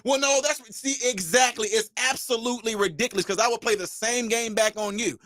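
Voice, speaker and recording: A man hosting his own channel, delivering an emphatic commentary rant with shouted punchlines and mocking imitations of his critics. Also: very high-pitched, fairly quick. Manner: mocks imagined critics in a mimicking voice. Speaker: channel host.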